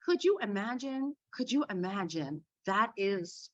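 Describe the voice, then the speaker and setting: A woman guest telling a story in a casual, animated way, laughing along. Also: medium pitch, a little slow. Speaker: podcast guest, makeup artist. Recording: dull lo-fi sound.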